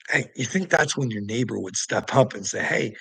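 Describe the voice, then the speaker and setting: A man's voice: medium pitch, expressive, brisk, gravelly, sharp tone, husky, no echo, rough recording. A man from Canada, ranting profanely at his viewers about politics and laughing between points. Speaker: vlogger. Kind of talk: angry political rant to viewers.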